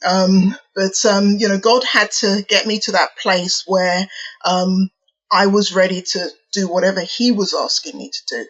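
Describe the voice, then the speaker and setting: British woman guest, a minister, husky and measured, reflective interview delivery. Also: medium pitch, fairly even intonation, fairly bright tone, lo-fi sound. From England. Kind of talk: interview storytelling.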